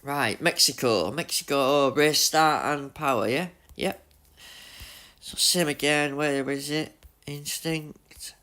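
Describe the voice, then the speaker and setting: A man with a Yorkshire accent giving chatty, excitable live commentary on his racing game while talking to his chat. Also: on the high side, slow. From Leeds, Yorkshire, England. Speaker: gaming streamer.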